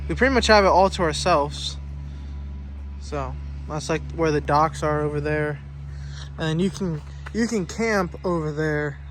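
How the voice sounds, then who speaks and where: A man's voice: on the high side, a little hiss or hum. A young man chatting to viewers in a casual vlog outdoors by a lake, a bit out of breath, recorded on a phone. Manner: chatty and upbeat, talks to viewers. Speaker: vlogger. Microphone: phone camera.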